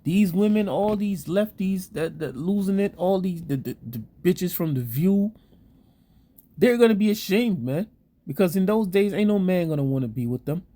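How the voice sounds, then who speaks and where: A man's voice: high-pitched, animated, moderate pace, mellow. A man ranting in commentary style, breaking into scripture reading now and then. He rambles, restarts his sentences and leans on fillers. His tone is crude and preachy. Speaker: online commentator.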